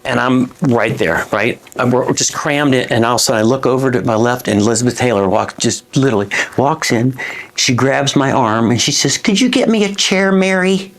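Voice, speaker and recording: A man's voice: medium pitch, steady tone, a little fast. A man in his fifties from Florida, a comedian telling a long anecdote in a dressing room, rambling with many restarts and asides. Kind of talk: stand-up style storytelling.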